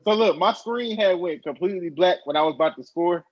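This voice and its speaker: A man telling stories in a casual chat, excited and slangy, acting out what he said. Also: sits high, a little fast, highs cut off. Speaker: podcast co-host.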